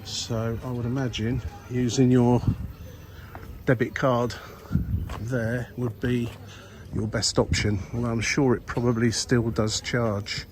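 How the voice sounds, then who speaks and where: Husky older man on a street walk. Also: mid-range voice, flat delivery, slow, a little hiss or hum. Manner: rambling, wry, many ums and uhs. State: husky from a cold. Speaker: vlogger. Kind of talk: walking tour commentary. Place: outdoors in an old town street.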